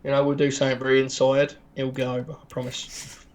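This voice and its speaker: A man's voice: mid-range voice, completely flat delivery, fast talker. A man co-hosting a casual game stream, making dry, wry jokes and asides to the viewers. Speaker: co-host. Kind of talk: casual chat while playing a game.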